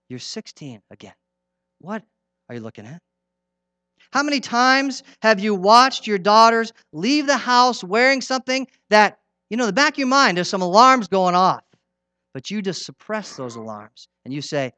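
A middle-aged man preaching a sermon in an earnest, emphatic way, repeating his key lines and dropping from loud to hushed. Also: sits high, very animated, moderate pace, no room sound.

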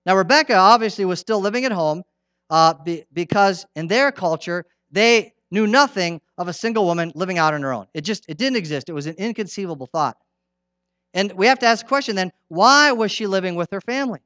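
A middle-aged man preaching a sermon in an earnest, emphatic way, repeating his key lines and dropping from loud to hushed. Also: high voice, lively intonation, a little fast, no echo.

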